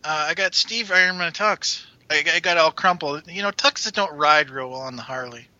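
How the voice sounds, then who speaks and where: Man in a tabletop role-play, joking, casual, sharp bright voice, dull lo-fi sound. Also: on the high side, normal speed, dry recording. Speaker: player.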